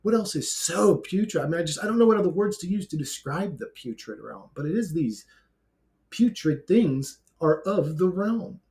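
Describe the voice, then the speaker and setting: A man's voice: on the high side, expressive, moderate pace, a little mellow. A man giving a brash, blunt, profane ranting monologue to his own channel, laughing between outbursts. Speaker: YouTuber.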